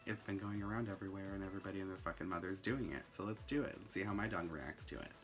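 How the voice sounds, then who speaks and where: A young man telling a story in a casual, animated way, full of "like" fillers and swearing. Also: deep voice, racing, music in the background. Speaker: vlogger.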